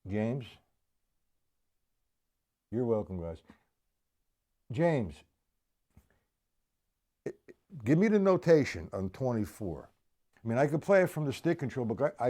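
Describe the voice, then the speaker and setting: A man's voice: mid-range voice, mellow. A middle-aged man teaching drums on a live stream, apologetic and rambling, stopping often to restart his sentences. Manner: counts and explains stickings slowly. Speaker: drum teacher. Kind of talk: live-streamed drum lesson.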